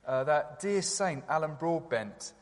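A man's voice: a little high, animated, unhurried. Reflective male preacher in a reverberant church. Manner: gentle and reflective, with some hesitant fillers. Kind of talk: sermon.

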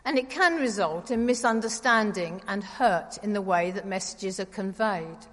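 A woman giving a conversational, gently wry sermon in church. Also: medium pitch, moderate pace. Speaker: preacher. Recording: reverberant church hall.

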